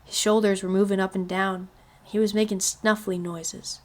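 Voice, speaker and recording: A woman narrating a children's novel aloud in a calm, even storytelling manner. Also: mid-range voice, normal speed. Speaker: reader.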